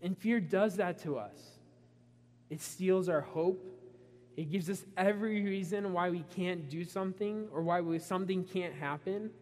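A man preaching a sermon, retelling a story with animated asides and voicing the characters' frustration. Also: high-pitched, a little slow. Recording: long reverb in a hall.

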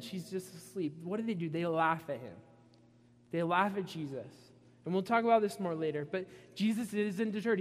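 A man preaching a sermon, retelling a story with animated asides and voicing the characters' frustration. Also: sits high. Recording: long reverb in a hall.

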